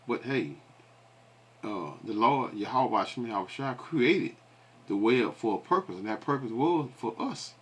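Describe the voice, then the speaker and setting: A man giving religious commentary, asking his listeners questions and filling pauses with many ums. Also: fairly low pitch. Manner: call-and-response questions, many fillers. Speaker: preacher.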